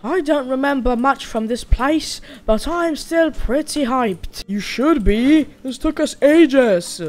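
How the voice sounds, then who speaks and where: A performer voicing every character in a comedic animated skit, switching between goofy character voices. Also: sits high, takes it slowly, hardly any pauses, faint music behind. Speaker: voice actor for all characters. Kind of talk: comedic machinima voice acting.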